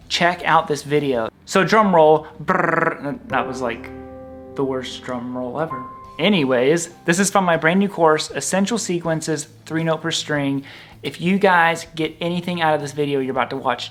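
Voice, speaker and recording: Upbeat male guitar teacher. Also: a little high. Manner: energetic, upbeat, chatty. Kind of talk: enthusiastic guitar lesson.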